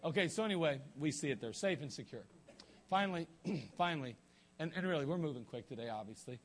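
A man's voice: fairly high pitch, lively intonation, fast. A man preaching a sermon in a folksy, joking way, often restarting his sentences, with an Ohio accent. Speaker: pastor.

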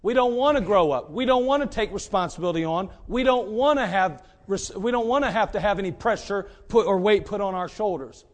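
A man's voice: sits high, animated, a little fast, few pauses. A middle-aged man, a pastor, preaching emphatically and telling a story. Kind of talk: sermon.

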